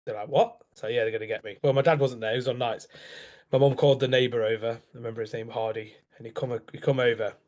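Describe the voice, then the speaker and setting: Rambling storyteller. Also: male voice, medium pitch, steady tone, darkish tone. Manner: rambling, halting, laughs through his words. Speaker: podcast co-host. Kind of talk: casual storytelling.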